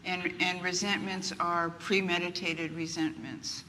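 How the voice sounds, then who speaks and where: A woman's voice: lowish voice, measured pace, slight background noise. An older woman speaking candidly in an interview, telling self-mocking stories and acting out what people say, before a live group. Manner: animated, self-mocking, acts out quotes. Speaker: guest author. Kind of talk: candid conversational storytelling. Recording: distant reverberant room, faint ambience.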